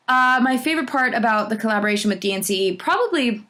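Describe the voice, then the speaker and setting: A woman's voice: a little high, lively intonation, fast, hardly any pauses, sharp tone. A woman who is a singer and actress, answering fan questions in a casual, bubbly way that rambles, with many restarts.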